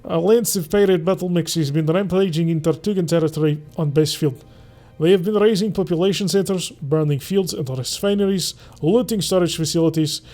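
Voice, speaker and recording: A man's voice: fairly high pitch, a little fast, dark tone, soft background music, close to an everyday voice. A man putting on a stern officer with a shaky accent. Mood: grim. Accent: attempted Russian drifting into Scottish. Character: stern male officer giving a mission briefing. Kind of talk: reading a mission briefing in a put-on voice.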